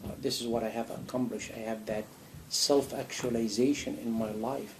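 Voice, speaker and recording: A man giving a sermon in a mosque, animated and full of rhetorical questions. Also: mid-range voice, moderate pace, background noise. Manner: animated, acts out a dialogue with God, rhetorical questions. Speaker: imam answering a question. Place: mosque hall.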